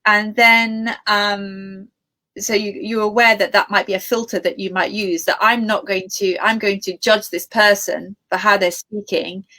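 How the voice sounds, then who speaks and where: A woman's voice: mid-range voice, steady tone, a little slow, sharp tone. A woman interviewer who thinks aloud, often restarting her sentences. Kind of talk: conversational interview.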